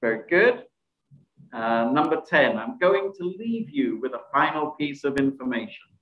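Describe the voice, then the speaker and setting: Over echoey, dull audio from a video call microphone, a workshop leader quizzes participants on presentation skills and praises their responses. He talks at normal speed with a mid-range voice and lively intonation.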